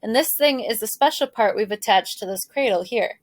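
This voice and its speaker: A woman's voice: a little high, moderate pace, no room sound, natural voice. A woman reading aloud, voicing a friendly, joking male ear doctor who reassures a young patient. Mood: explaining.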